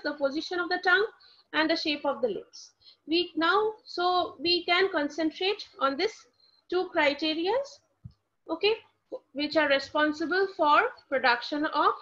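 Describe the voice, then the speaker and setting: In a very high-pitched, bright, and forceful voice, a woman lectures students on phonetics. Her explanations take the form of questions she answers herself, and she spells words out letter by letter, all on a dull lo-fi recording.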